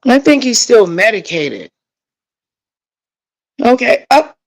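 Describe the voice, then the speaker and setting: Woman, livestream host, AAVE, higher voice, emotional, on a rant, talking back to chat. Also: very animated, slow, vocal fry, rough recording.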